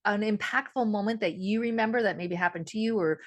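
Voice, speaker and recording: A middle-aged woman hosting an interview, telling a story in a lively, animated way. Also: medium pitch, brisk. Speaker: host.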